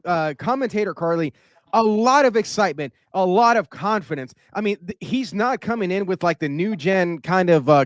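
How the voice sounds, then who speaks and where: A man hosting a podcast, doing an energetic interview full of hype. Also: high-pitched, dry recording, studio quality. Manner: hype-driven, energetic announcer patter. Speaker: podcast host.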